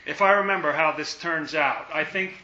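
A man teaching a Bible study, playful and animated, acting out the lines he quotes. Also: fairly high pitch, moderate pace. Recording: roomy, dull lo-fi.

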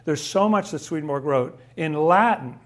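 Male lecturer, relaxed and wry, reads quotations aloud, voice sits a little high. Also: normal speed. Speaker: lecturer on scripture. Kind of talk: spoken lecture.

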